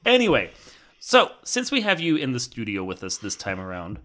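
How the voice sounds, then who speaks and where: A man's voice: medium pitch, huge pitch swings, moderate pace, pushed and bright. A man hosting a podcast in casual chat, jokey and rambling, recorded on a studio mic in a small studio. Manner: jokey, rambling, prone to restarts. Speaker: podcast host.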